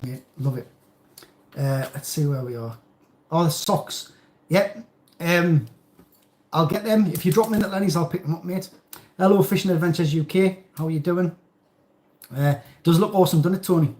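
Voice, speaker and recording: A man's voice: on the high side, darkish tone. Chatty Geordie man, roomy echo. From North East England. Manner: chatty, rambling, jokey. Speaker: channel host. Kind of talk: casual live-stream chat reading comments.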